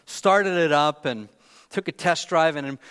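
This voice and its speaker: A man's voice: fairly high pitch, measured pace, fairly bright tone, clean tone. Male preacher, conversational storyteller, candid and self-deprecating, recorded in a church sanctuary with a long echo. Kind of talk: conversational sermon with personal story.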